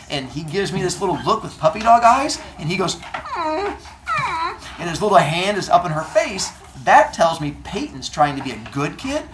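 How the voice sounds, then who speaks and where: A male teacher addressing his class with deadpan humor, playful and mock-stern, acting out his students as he goes. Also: high-pitched, noisy background.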